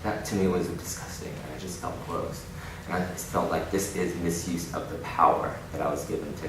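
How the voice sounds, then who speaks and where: A man giving an inspirational keynote talk, telling stories in an animated way with frequent laughter. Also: low voice, a little fast, hardly any pauses. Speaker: keynote speaker. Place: large conference hall. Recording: echoey hall, distant mic, noisy.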